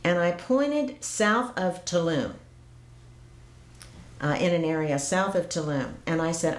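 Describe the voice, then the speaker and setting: A woman with a low voice recounts her personal visions, hesitant and reflective, often restarting her sentences. The recording carries a noticeable roomy echo. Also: animated, moderate pace. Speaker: storyteller recounting mystical experiences. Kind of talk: personal storytelling to camera.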